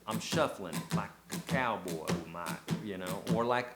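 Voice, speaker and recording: A man's voice: fairly low pitch, animated, a little slow. A man teaching a casual guitar lesson, chatty and encouraging, counting beats aloud as he goes. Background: his own acoustic guitar playing.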